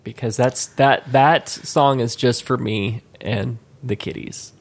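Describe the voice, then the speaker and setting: Podcast co-host, male, gravelly, loose rambling banter. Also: medium pitch, slow pace. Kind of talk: casual chat.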